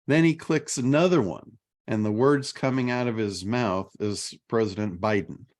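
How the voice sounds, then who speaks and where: A middle-aged man hosting a casual chat show, telling stories in an animated way. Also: on the low side, moderate pace. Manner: animated storytelling. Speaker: podcast host.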